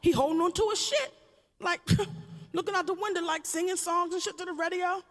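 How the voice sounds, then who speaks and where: Woman from baltimore doing stand-up, very high voice, profane and animated, echoey theater. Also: a little fast. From Baltimore, USA. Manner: profane, animated, bursts of shouting. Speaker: stand-up comedian. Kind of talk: stand-up comedy storytelling. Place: large theater stage. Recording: live stage with long hall reverb.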